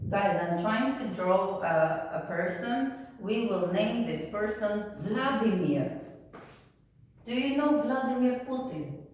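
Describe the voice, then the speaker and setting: An Albanian woman teaches an online language lesson, taking her time and repeating each word slowly. Her pitch swings a lot as she explains. She sits back from the mic in a room with a strong, long echo. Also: expressive, darkish tone. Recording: echoey room, voice from a distance.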